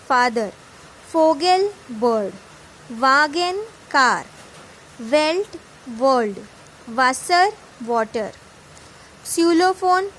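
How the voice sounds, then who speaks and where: A woman's voice: high voice, a bit bright, a little hiss or hum, low-quality recording. A woman with an Indian English accent, teaching German by reading each word aloud and then giving its English meaning. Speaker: German tutor. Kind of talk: reading vocabulary with translations.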